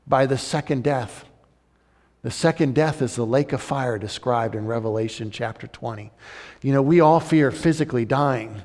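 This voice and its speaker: A man preaching a sermon as pastor, swinging from loud urgent emphasis to soft, intimate appeals. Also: medium pitch, normal speed, big-room sound.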